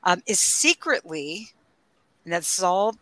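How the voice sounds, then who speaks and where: A woman's voice: on the low side, big pitch swings, takes it slowly, fairly bright tone, dry recording. A woman co-hosting a casual talk show, enthusiastic and meandering. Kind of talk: casual chat.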